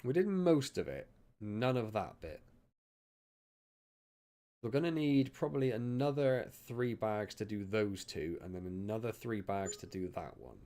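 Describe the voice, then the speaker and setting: A man's voice: fairly low pitch, lively intonation, moderate pace, dark tone. A man live-streaming a farming game, chatting casually and teasing his chat with wry asides. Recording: game vehicle noise behind voice.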